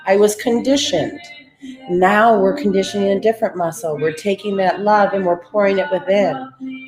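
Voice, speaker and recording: A woman with a medium-pitched voice, sounding reverberant, leads a live-streamed guided breathing and affirmation session. She coaxes listeners through repetitive instructions, calls them "baby," and reads out viewers' chat names.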